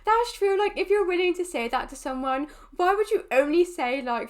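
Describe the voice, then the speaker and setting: A woman with a high voice chatting in a casual reaction video. She rambles along, filling her talk with little fillers. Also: expressive, moderate pace. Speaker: YouTuber reacting to a comedy clip.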